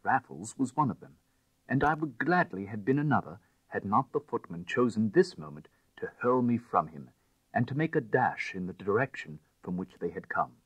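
A man narrates a classic tale with measured, expressive reading. His lowish voice is husky, and it moves widely in pitch. The recording is dry and close. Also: no room sound, dull audio. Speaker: audiobook narrator.

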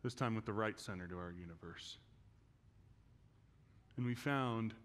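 A male pastor preaching in a church, telling a personal story and moving from hushed, quiet passages to loud, intense ones. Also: on the low side, a little slow, long pauses. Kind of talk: sermon.

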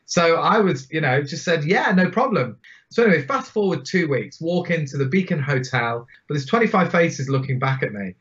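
A fairly high-pitched man in his forties tells his stories with animated emphasis. His voice comes through a dull, lo-fi recording. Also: a little fast, hardly any pauses. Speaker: guest speaker. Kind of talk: storytelling interview. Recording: dull lo-fi sound.

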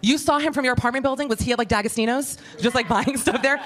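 A woman's voice: a little high, expressive, rapid-fire, few pauses, a crowd in the background. A woman performing a chatty, self-mocking stand-up set, talking straight to the audience from a comedy club stage.

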